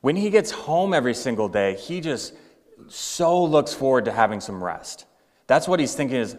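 A man's voice: mid-range voice, sing-song, moderate pace. Storytelling preacher man in an echoing hall. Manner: conversational, acting out examples. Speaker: pastor. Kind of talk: sermon with storytelling.

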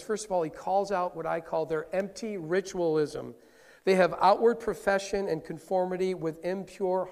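Guy pastor preaching, chatty and animated, higher voice, echoey big room. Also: creaky. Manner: lively, conversational, asks the congregation questions. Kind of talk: sermon.

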